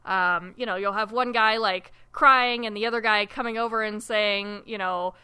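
A woman co-hosting a casual podcast chat, a parent telling animated stories and laughing often. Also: mid-range voice, moderate pace, clear, resonant tone. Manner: giggly, animated storyteller. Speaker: podcast co-host.

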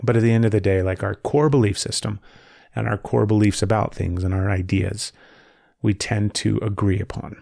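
A man's voice: fairly low pitch, steady tone, moderate pace, vocal fry, warm tone, no echo, clean studio sound. A man in his forties co-hosting a podcast, chatting casually with a blunt, joking manner and casual swearing. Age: 40s. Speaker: podcast co-host. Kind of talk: casual chat.

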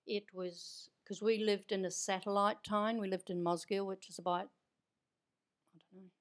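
A woman's voice: mid-range voice, fairly even intonation, normal speed. A woman from New Zealand with an Irish-tinged Kiwi accent, telling stories as an interview guest in a chatty, anecdotal way. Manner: chatty, anecdotal, easy laughter. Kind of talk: conversational storytelling.

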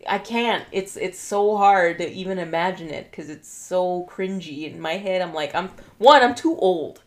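A woman's voice: fairly low pitch, normal speed. Blunt, swearing woman co-host. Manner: blunt, swears freely, laughs often. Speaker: podcast co-host. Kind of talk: casual chat.

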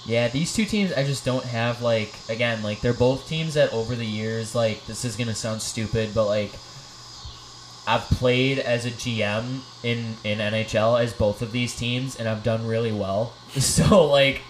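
Young guy co-host for a sports podcast, rambling and excitable, middle pitch, faint noise behind. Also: measured pace, rough recording. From Chicago. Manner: rambling, excitable, swears, laughs often. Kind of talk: casual sports chat.

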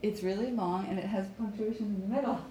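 Pronunciation coach, woman from Canada, mellow voice, drills stressed words in a roomy space with faint hiss. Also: medium pitch, steady tone, quick pace. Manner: stresses words and repeats phrases for students to echo. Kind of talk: live online pronunciation lesson.

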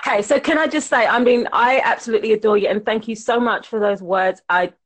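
A woman with a higher voice hosts a podcast over a remote call. She is effusive and chatty, gushing as she talks. Her voice sounds dry and close. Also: fast, dry recording. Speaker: podcast host. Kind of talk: casual interview conversation.

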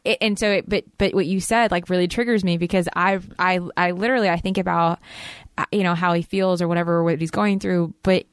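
A woman's voice: fairly low pitch, steady tone, brisk, clear, resonant tone, dry recording, clean studio sound. A woman appearing as a podcast guest, speaking reflectively and searchingly, with many fillers. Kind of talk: casual chat.

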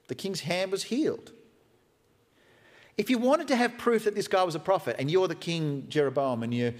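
A man preaches a sermon in a church hall, in a conversational, joking way that keeps slipping into acted-out quotes. His voice sits a touch high and swings widely in pitch. A long hall reverb trails every phrase. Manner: conversational and humorous, acting out quotes. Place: church hall with live stream.

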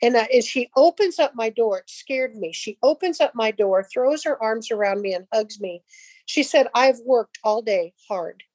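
A woman's voice: a little high, expressive, normal speed, a little mellow, dry recording, low-quality recording. An older woman casually telling a personal faith story, rambling with restarts and acting out the dialogue. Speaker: guest sharing a testimony.

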